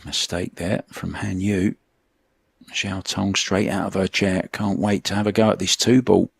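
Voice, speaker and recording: A man's voice: sits low, level tone, unhurried, gravelly, slightly rough, dry recording. A middle-aged man, commentating on a pool match in a chatty, reminiscing way. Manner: chatty, reminiscing between shots.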